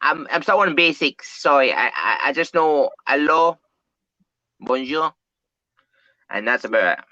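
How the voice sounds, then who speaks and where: A man's voice: on the high side, lively intonation, a little slow, pauses often, bright, forceful tone, no echo, muffled recording. Rambling man in casual fan chat. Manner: rambling, many fillers and repeats. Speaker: co-host.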